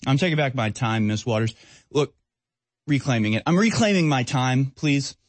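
A man's voice: medium pitch, animated, moderate pace, no echo. A man hosting a political talk radio show, speaking sarcastically and mocking the people he discusses. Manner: sarcastic, mocking, mimics voices.

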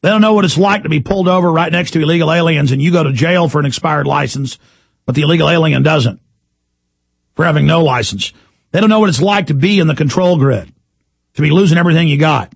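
A gravelly, husky male radio host on a call-in show, ranting and hammering the same phrases again and again. His voice sits a bit high for a man and lurches upward when he pushes a point. The sound is dry and close, with no room around it. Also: fast talker, no echo. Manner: ranting, repetitive, with sudden emphatic pitch jumps. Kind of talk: call-in talk radio monologue.

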